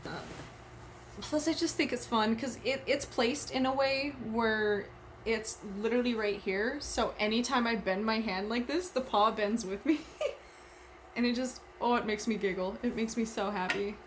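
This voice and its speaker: A woman's voice: fairly high pitch, unhurried, a little hiss or hum. Giggly, rambling woman streamer. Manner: rambling, giggly and openly emotional. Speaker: live streamer. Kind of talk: candid casual livestream chat.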